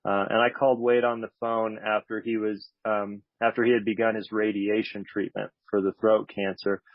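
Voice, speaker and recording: A man's voice: fairly low pitch, flat delivery, moderate pace, no room sound. A man giving a candid, reflective talk about his recovery at a support meeting, with a slightly wry manner, on a dull lo-fi recording. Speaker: speaker sharing at a recovery meeting.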